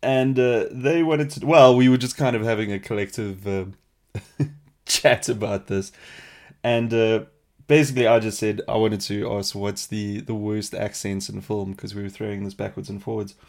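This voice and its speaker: A man hosting a casual question-and-answer podcast, chatty and animated, laughing often. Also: on the low side, normal speed, gravelly. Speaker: podcast host.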